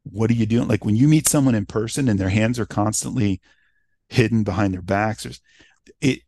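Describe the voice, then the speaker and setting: Animated man, dry close sound. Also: fairly low pitch, a little fast, no room sound. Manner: animated storytelling, acts out quoted voices. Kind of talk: casual conversation.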